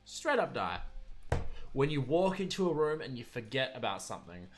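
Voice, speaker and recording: A man's voice: mid-range voice, big pitch swings, normal speed. Young man ranting sarcastically. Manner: sarcastic, exasperated, chuckling asides. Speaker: streamer and video maker. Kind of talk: casual ranting vlog.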